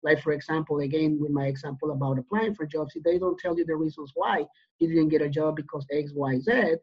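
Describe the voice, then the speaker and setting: Earnest Colombian-born man, fairly high voice. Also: a little fast, husky. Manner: earnest storytelling, acts out quoted exchanges. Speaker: guest. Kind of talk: casual conversation. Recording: dull lo-fi sound.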